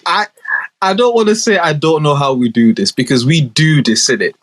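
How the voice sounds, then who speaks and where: A young man co-hosting a podcast, chatting casually in animated, slang-heavy banter full of swearing. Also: fairly high pitch, moderate pace, slight background noise. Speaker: podcast co-host. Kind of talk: casual chat.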